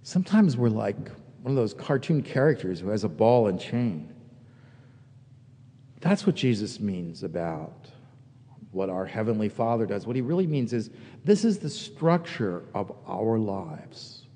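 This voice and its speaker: A man preaching a sermon as pastor, reflective and quietly confessional, rising to emphatic peaks. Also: on the low side, expressive, measured pace, slightly rough, big-room sound.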